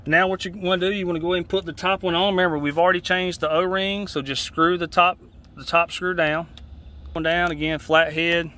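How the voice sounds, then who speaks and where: A man from Georgia with a Southern accent, a fishing guide giving a casual step-by-step how-to demonstration outdoors, folksy and relaxed, often restarting his phrases. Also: high-pitched, fairly quick. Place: outdoors beside a boat. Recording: faint outdoor noise.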